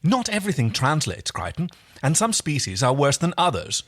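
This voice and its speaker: A man's voice: on the high side, very animated, normal speed, voice pushed up. A man voicing a curt, no-nonsense female alien pilot as he reads a story aloud.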